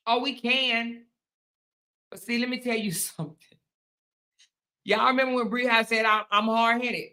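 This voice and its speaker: Bright-voiced woman ranting sarcastically. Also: a little high, fairly even intonation, moderate pace, long pauses. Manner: sarcastic, repetitive, mocking, emphatic. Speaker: commentary channel host. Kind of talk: ranting commentary monologue.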